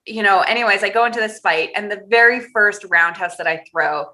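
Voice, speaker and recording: A woman talks as a podcast guest, her tone bright and forceful. She tells her story candidly and with energy, and she laughs her way through the rough parts. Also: medium pitch, a little fast. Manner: candid, animated storyteller who laughs through hard memories.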